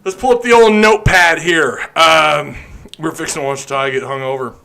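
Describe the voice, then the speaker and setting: A man's voice: a little high, normal speed, gravelly, bright, forceful tone, clean tone. A man hosting a podcast live stream, chatting loosely and joking while drinking beer. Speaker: podcast host. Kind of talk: casual live stream chat.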